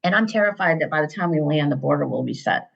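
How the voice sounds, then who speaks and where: A woman's voice: deep voice, expressive, fast talker, gravelly, a bit bright, muffled recording. A middle-aged woman chatting as a podcast guest, telling stories animatedly with many fillers and acting out the people she quotes. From United States. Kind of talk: casual storytelling chat.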